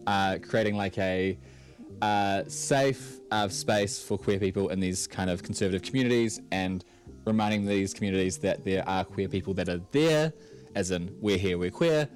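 A man's voice: sits low, normal speed. A man talks casually in a radio studio, filling his sentences with ums and uhs. Faint music plays underneath. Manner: chatty, many ums and uhs. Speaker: TV reviewer guest.

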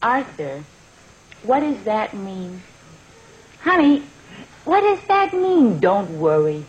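A woman's voice: fairly high pitch, animated, a little slow, lo-fi sound, slight background noise. A woman playing a doting, guilt-tripping middle-aged mother with a wheedling, melodramatic way of talking, heard on an old comedy record. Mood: nagging. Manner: wheedling, plaintive, melodramatic sighs and pleas.

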